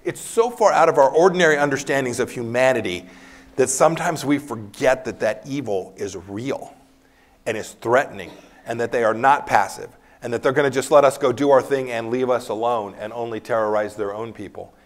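A middle-aged man speaks from a university lecture hall in a plain mid-range voice. He answers audience questions candidly and slips into animated anecdotes, laughing as he goes. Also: medium pitch, brisk. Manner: candid, anecdotal, laughs while telling stories. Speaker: former secretary of state, guest speaker. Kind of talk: campus lecture Q&A, storytelling.

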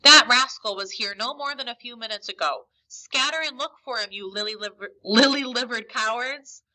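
A woman's voice: fairly high pitch, animated, moderate pace, pushed and bright, low-quality recording. A woman voicing a cruel, frantic old blind male pirate who shrieks out orders. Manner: shrieking, commanding.

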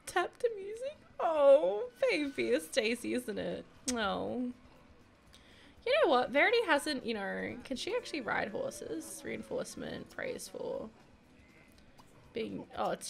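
A woman's voice: on the high side, creaky, slight background noise. A young woman giving chatty, giggly commentary while playing a life-sim game. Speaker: gaming video creator. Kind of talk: casual gameplay commentary.

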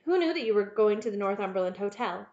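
A woman voicing a keen, confident male detective who explains things in a crisp, measured way. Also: medium pitch, animated, dark tone, highs cut off, lightly acted. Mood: assured.

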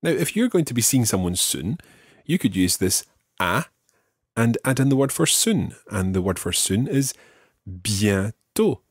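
Teaching by podcast, a man patiently goes over one phrase after another and shows the learner how each should sound. His voice is fairly low and slightly husky, sing-song with lots of pitch movement, and a little slow. The recording is close and dry, with no room sound.

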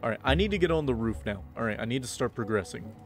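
A man's voice: medium pitch, expressive, quick pace. A man giving playful, slangy commentary while playing a video game, with game music behind. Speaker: gameplay commentator. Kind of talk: casual gameplay commentary.

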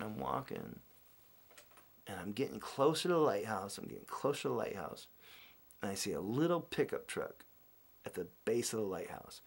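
Gravelly, husky man telling a rambling story. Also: fairly low pitch. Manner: rambling and animated, with many restarts and quoted voices. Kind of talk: casual storytelling.

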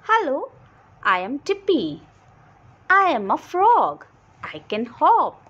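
A woman's voice: high voice, wildly swooping pitch, slow pace, lo-fi sound, full character voice. A woman reading the lines of a cheerful little frog from a children's storybook, in a sing-song way.

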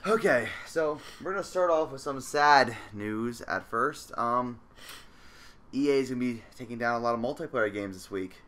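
Bright-voiced young man hosting gaming news. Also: medium pitch, moderate pace. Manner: joking, reads news items. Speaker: podcast host. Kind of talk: casual gaming news chat.

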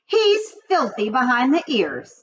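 A woman's voice: high-pitched, huge pitch swings, a little slow, dull audio, a little hiss or hum, full character voice. A woman voicing a determined farm wife who speaks firmly and matter-of-factly. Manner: firm, matter-of-fact.

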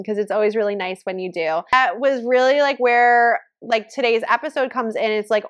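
A woman in her thirties hosts her own podcast and talks straight to her listeners. Her voice sits a little high, and her speech is loose and gushing, full of "like" and quick asides. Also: fairly bright tone. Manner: chatty, says "like" constantly, gushing about her kids. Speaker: podcast host. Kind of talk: casual solo podcast chat.

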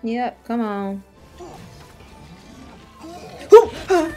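A woman with a higher-pitched voice sounds hoarse and tired as she comments on her game. She talks to herself and exclaims at what happens on screen. Soft game music runs underneath. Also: big pitch swings, slow, pauses often. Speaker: gaming YouTuber. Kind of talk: casual gameplay commentary.

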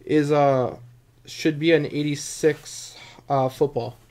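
A man's voice: on the high side, fairly even intonation, slow, darkish tone. A man hosting a live card-breaking stream in casual, self-mocking chat with a dry throat. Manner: joking, self-mocking, chatty.

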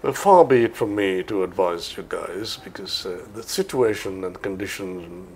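An older man from Sri Lanka, a veteran cricket commentator reminiscing in an interview in an unhurried, anecdotal way. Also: low-pitched, a little mellow, slight background noise.

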